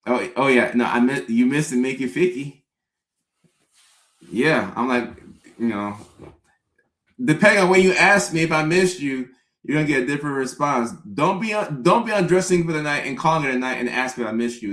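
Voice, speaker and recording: A young adult man tells comic stories in an animated way, slipping into mock-pleading impressions mid-rant. His voice sits at a middle pitch. The sound carries a roomy echo. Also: brisk. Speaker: comedian. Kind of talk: comedic live-stream rant.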